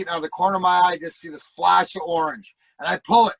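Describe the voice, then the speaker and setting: A middle-aged man, a former hockey player and podcast guest, telling profane stories in a casual, animated way and acting out the voices. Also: high voice, quick pace, no echo, rough recording. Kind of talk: casual storytelling.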